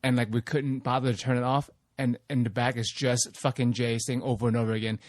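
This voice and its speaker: A man with a mid-range voice chatting as a podcast co-host. He talks bluntly and swears freely, clearly keen on the topic. The recording is dry and close. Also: medium pitch, little pitch movement, a little fast, few pauses, no room sound. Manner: blunt and profane, enthusiastic. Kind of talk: casual chat.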